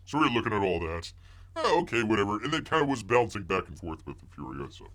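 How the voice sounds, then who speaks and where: A middle-aged man hosting a live chat stream with a lively, swooping voice that jumps up and down in pitch. He rambles in a loose, chatty way, speaks of himself in the third person by a nickname, and plays up a jokey outrage as he reads comments. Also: fast.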